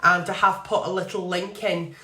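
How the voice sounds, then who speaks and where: A woman's voice: lowish voice, fairly even intonation, moderate pace, sharp tone, roomy sound. A middle-aged woman hosting a live stream from home, talking casually and emotionally with many fillers.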